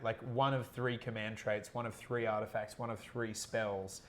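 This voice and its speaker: A man's voice: mid-range voice, moderate pace, hardly any pauses, a little hiss or hum. Joking man hosting a stream. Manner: animated, joking, reads out viewer comments. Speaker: livestream host. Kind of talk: casual chat on a livestream.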